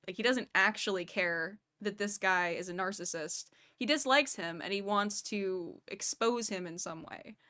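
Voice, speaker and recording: A woman's voice: medium pitch, normal speed, hardly any pauses, sharp tone. A woman streamer giving casual, analytical commentary on a voice chat clip and speaking straight to her chat. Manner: analytical, talks to chat directly.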